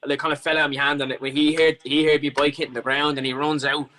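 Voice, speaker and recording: An Irish man chatting as a podcast guest, telling a story in an animated way and swearing a lot. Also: fairly high pitch, fast, poor audio. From Ireland. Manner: animated, sweary, lots of restarts. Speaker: guest fighter. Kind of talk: casual storytelling chat.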